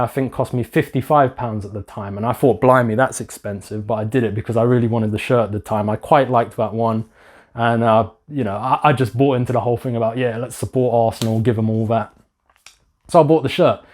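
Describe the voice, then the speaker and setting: A man giving a casual product review, hesitant, with many pauses and restarts and some self-deprecating asides. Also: medium pitch, darkish tone. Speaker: YouTuber reviewing a football shirt.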